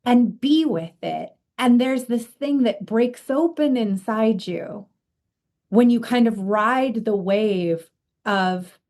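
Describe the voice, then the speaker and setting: A woman's voice: fairly high pitch, takes it slowly, a little mellow. A woman hosting a podcast interview, talking in an earnest, reflective way with frequent fillers. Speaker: podcast host and coach. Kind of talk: casual interview conversation.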